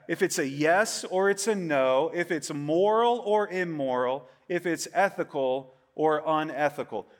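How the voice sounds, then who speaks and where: High-voiced man preaching a casual sermon. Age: 30s. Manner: conversational, joking, asks the crowd "right?". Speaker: pastor.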